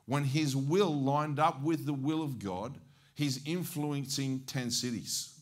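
Animated Australian evangelist storyteller. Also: male voice, mid-range voice, slow. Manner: animated, acts out dialogue. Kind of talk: storytelling sermon.

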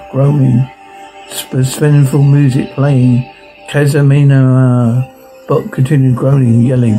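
A man reading a TV episode transcript aloud, listing its sound cues in a flat, steady manner. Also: medium pitch, measured pace, rough recording. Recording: music playing under the voice.

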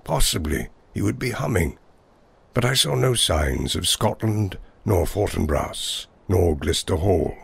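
A man with a low, gravelly voice tells a whimsical first-person tale. His delivery is wry and unhurried, savoring long, playful sentences. The tone stays rough and husky throughout. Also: animated. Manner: wry, whimsical, wordy storytelling. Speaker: narrator. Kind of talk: scripted first-person story narration.

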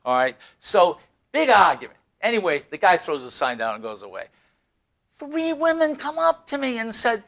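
Lively, animated male talk show host. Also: sits high, normal speed, creaky. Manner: animated, jokey, raises voice when telling stories. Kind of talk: casual political talk show chat.

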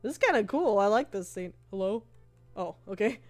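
A woman hosting a let's play, excitable and shrieking at jump scares. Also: medium pitch, normal speed, faint music behind. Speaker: gaming channel host.

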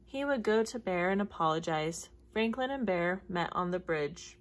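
A woman reading a children's picture book aloud in a clear, measured storytelling voice. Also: on the low side, animated. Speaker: storybook reader.

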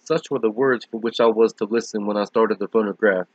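A man giving a measured, solemn reading of a horror story. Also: fairly low pitch, steady tone, dry recording. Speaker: reader. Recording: dull lo-fi recording.

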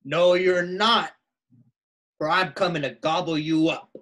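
A mean, ugly storybook troll growls his threats from under the bridge, as a man reads the part. He speaks slowly and gruffly, in a fairly high register for a man. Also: steady tone, a bit bright. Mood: threatening.

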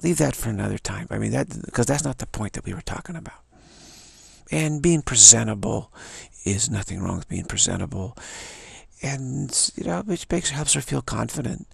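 A man's voice: mid-range voice, expressive, moderate pace, vocal fry, husky, dry recording. An older man musing to camera in a rambling monologue, stammering, repeating himself and asking "isn't it?". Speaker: vlogger.

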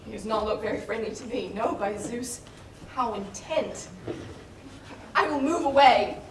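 A woman acting a lovesick, anxious young man in a stage play, with a lively, exasperated delivery. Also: on the high side, measured pace, close to an everyday voice. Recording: echoey hall, mic far off, faint noise.

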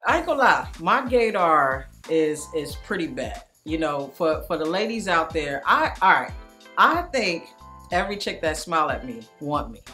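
Low-voiced laughing woman telling stories. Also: moderate pace, soft background music. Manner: animated storytelling, acts out quotes, laughs often. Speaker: cast member. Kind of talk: casual comedic commentary to camera.

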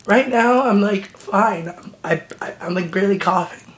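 A man giving a casual vlog update with a hoarse voice that is still recovering. He sounds out of breath, and he rambles and giggles, often restarting his sentences. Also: high-pitched, moderate pace, a bit bright, a little hiss or hum. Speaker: vlogger.

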